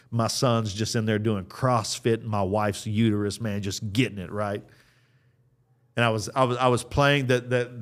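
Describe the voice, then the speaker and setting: A man in his thirties preaching an earnest, conversational sermon, often restarting his phrases as he builds a point. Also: medium pitch. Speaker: pastor.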